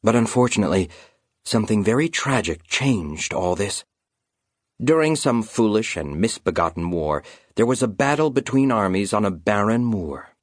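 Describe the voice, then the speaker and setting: A man reads a children's fantasy aloud with a lower, somewhat husky voice. His delivery swoops through a wide range of pitch, and he slows down for dramatic moments. The sound is close and dry. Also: lively intonation, no room sound. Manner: storytelling, dramatic slowdowns. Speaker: audiobook narrator. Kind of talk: scripted narration of a children's fantasy.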